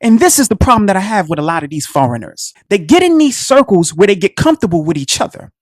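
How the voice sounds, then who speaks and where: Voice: mid-range voice, big pitch swings, fast talker, no room sound, studio quality. A radio show host delivering a heated solo commentary, preaching to listeners he calls family, repeating phrases and firing rhetorical questions.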